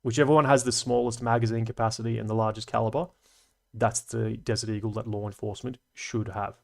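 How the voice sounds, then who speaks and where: A man's voice: lowish voice, flat delivery, fast, gravelly. A man with an Australian accent hosting a casual livestream, reading viewer comments aloud and answering them in a chatty, analytical way with dry asides and slang. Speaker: livestream host.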